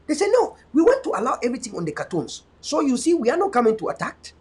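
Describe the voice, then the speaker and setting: A man's voice: very high-pitched, wildly swooping pitch, quick pace, darkish tone, slightly rough. A man, hosting an online show and giving an impassioned, pleading address with a preacher-like cadence.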